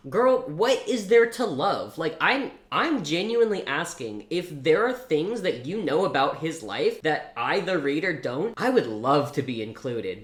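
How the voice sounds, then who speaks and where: A woman talking through a book review in a relaxed vlog, her tone sarcastic and disbelieving. Her voice sits low for a woman and bounces around an echoey room. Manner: sarcastic, incredulous.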